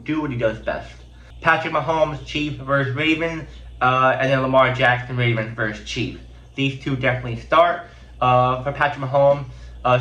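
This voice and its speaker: A man's voice: mid-range voice, a bit bright, reverberant, dull audio. A man with a congested, sick voice running through casual fantasy football picks with many fillers and restarts. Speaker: host.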